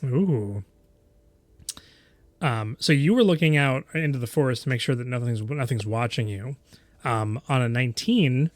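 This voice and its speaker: A man's voice: medium pitch, dry recording. A man narrating as game master, describing scenes with many fillers and restarts. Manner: halting, filler-heavy description.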